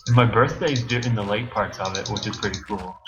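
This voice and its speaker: A man's voice: on the low side, steady tone, fairly quick, loud music behind the voice. A man co-hosting a casual gaming chat, sarcastic and self-mocking, joking his way through. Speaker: let's play co-host. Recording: lo-fi mic with hiss and keyboard clicks.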